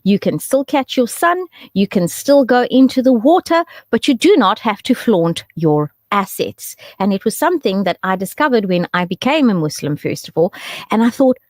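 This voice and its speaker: A woman's voice: normal speed, no room sound, studio quality. A woman hosting a radio show, chatting casually and joking through the weather. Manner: chatty and joking, with lively swoops in pitch and laughs.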